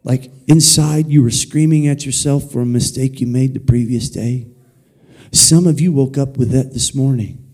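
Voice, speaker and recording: A man preaching in a church sanctuary, animated and playful, often calling on the congregation to repeat his words. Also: mid-range voice, normal speed, breathy edge. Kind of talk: energetic sermon with call-and-response.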